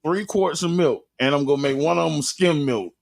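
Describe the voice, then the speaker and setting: A man's voice: fairly high pitch, normal speed, gravelly. A man co-hosting a casual radio talk show, speaking emphatically, repeating himself and laughing. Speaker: co-host. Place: radio studio.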